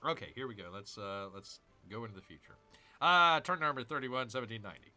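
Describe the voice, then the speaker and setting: Gaming host, man: lively, jokey grumbler, tense bright voice, faint game music behind. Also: medium pitch, fast talker. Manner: jokey, grumbling, mock growls. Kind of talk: casual strategy game commentary.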